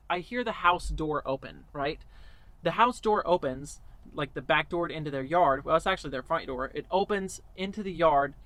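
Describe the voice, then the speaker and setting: A young man telling a story casually to camera, animated, with lots of fillers and quoted dialogue. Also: a little high, no echo. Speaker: vlogger.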